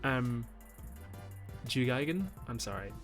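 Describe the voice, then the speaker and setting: A man's voice: mid-range voice, animated, slow pace, faint music behind. A man from Newcastle with a Geordie accent, chatting on his livestream, reading viewer messages, rambling with fillers and the odd burst of mock outrage. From Newcastle, northern England. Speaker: YouTube host on a livestream. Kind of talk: casual live-stream chat reading super chats.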